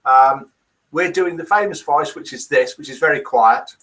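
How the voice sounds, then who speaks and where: A man's voice: fairly high pitch, normal speed, fairly bright tone. A man hosting a casual live stream, reading out viewers' comments and guesses aloud. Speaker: host of a live daily chat stream.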